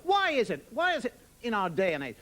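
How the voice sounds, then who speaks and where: Wry Irish comedian, lively pitch. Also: male voice, a little fast. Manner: wry, musing, conversational, casual swearing. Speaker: stand-up comedian. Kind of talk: stand-up routine. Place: television studio with live audience. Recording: broadcast audio with audience laughter and noise. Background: audience laughter.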